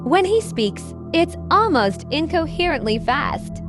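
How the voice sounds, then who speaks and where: A woman narrating a scripted horror story in a slow, measured reading. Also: high-pitched, very animated, over music.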